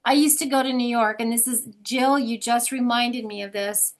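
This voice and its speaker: A woman hosting a video-call training, telling a story in a lively, enthusiastic way. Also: fairly high pitch, normal speed. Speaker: host. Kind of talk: casual chat.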